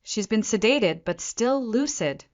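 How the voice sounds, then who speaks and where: A woman voicing a hurried female nurse with a clipped, urgent manner. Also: fairly high pitch, expressive, lo-fi sound, voice pushed up.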